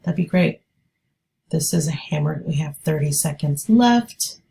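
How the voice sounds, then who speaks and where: A woman's voice: low-pitched, lively intonation, unhurried, creaky, warm tone. A woman day trader giving live trading commentary, thinking aloud and hesitant as she talks.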